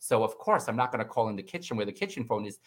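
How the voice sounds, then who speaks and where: A middle-aged man telling a personal story in casual conversation, animated and acting out the voices of the people in it. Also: very fast. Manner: animated, acts out quoted voices with big pitch jumps. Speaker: guest.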